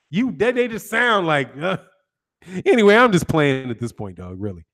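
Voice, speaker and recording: A man's voice: fairly high pitch, big pitch swings, normal speed, fairly bright tone. A man, hosting a boxing channel and chatting casually with viewers on a live stream, joking and answering their comments. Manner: laid-back, joking, reads out chat comments.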